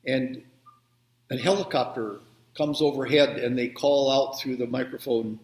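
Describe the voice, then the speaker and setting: Male pastor, gentle unhurried sermon storytelling, echoey video-call sound. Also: medium pitch. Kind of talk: children's sermon and prayer. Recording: roomy echo.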